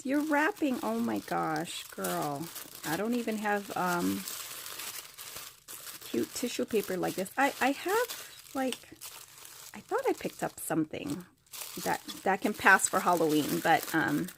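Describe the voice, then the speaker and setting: A woman's voice: fairly high pitch, animated, takes it slowly, vocal fry. A woman vlogger opening craft mail, gushing with delight and gasping often. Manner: gushing, gasps and exclaims often. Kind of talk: excited unboxing chat. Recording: faint crinkling paper noise.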